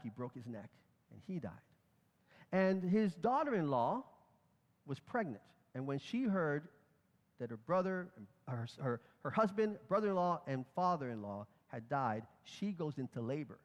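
A man preaching a sermon, retelling scripture with lively storytelling and acted-out voices. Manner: storytelling, acts out crowds and captains with lively swings in pitch. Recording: long hall reverb.

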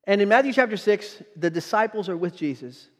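A man's voice: high-pitched, animated, a little fast. A male pastor preaching a sermon, emphatic, quizzing the congregation with rhetorical questions. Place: church sanctuary. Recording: long hall reverb.

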